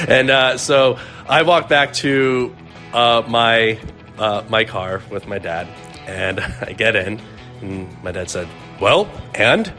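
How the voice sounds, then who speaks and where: A young man from Arizona telling a personal story in a relaxed, conversational way with lots of fillers. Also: fairly low pitch, slow pace, pauses often, soft background music. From Arizona, USA. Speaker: storyteller guest. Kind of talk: casual storytelling.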